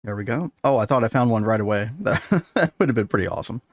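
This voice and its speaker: A man's voice: on the low side, lively intonation, fast, no room sound, clean studio sound. A man chatting casually with his viewers and co-player while streaming a game, laughing often. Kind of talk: casual gaming livestream chat.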